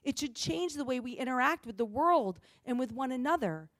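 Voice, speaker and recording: A woman's voice: high-pitched, lively intonation, fairly bright tone, dry recording, studio quality. Earnest woman preaching a sermon. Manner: earnest, emphatic preaching with pauses. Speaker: pastor.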